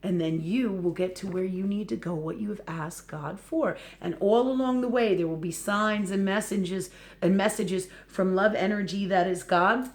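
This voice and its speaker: Woman, spiritual teacher on a livestream, earnest, repeats herself, mid pitch. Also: moderate pace. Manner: earnest, repetitive, checks in with "okay" and "right".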